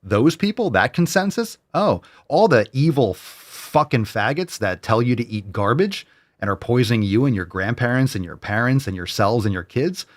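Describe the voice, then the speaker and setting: A man's voice: medium pitch, lively intonation, normal speed. A man hosting a solo commentary show, ranting in a heated, sarcastic, profane way and repeating phrases for emphasis. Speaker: podcast host.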